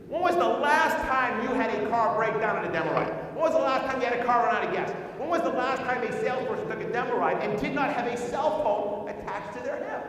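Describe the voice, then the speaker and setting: A man's voice: fast, few pauses, a bit bright. A man giving a keynote talk at a conference, telling a story and firing rhetorical questions at the audience. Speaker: conference speaker. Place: large conference hall. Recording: echoey hall recorded from far off, faint rumble.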